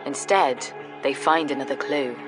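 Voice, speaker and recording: A woman with a notably deep voice reads scripted true crime narration in a grave, measured tone. Music plays clearly beneath her.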